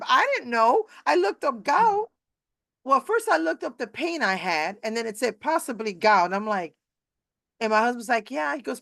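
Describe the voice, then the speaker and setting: A middle-aged woman hosting a live video chat, rambling warmly with many restarts and acted-out quotes. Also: fairly high pitch, very animated, normal speed, dry recording. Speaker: host. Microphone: video call.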